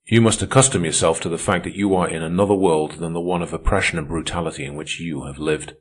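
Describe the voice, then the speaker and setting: A man reading an audiobook, voicing a gentle and polite revolutionary man who speaks low, quiet and slow. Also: steady tone. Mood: quiet firm.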